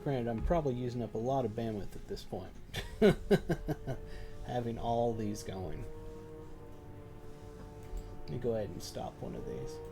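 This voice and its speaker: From a home room at his computer, a man streams a game and chats casually, thinking aloud with lots of fillers. His mid-range voice is creaky and unhurried, broken by frequent pauses, while game music and keyboard typing play in the background.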